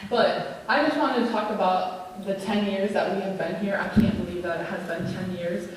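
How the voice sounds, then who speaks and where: A woman's voice: medium pitch, moderate pace, slight background noise. Woman speaking in an echoey church. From Minnesota, USA. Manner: earnest, personal, reading from notes. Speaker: pastor's wife giving an anniversary speech. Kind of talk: heartfelt church speech read from notes. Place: church sanctuary. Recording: echoey church hall, mic from a distance.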